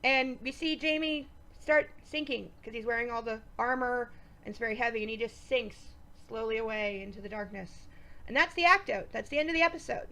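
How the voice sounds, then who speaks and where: A woman giving a casual, profane, animated recap of a TV episode, full of sarcastic asides and quick reactions. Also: fairly high pitch. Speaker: TV episode reviewer.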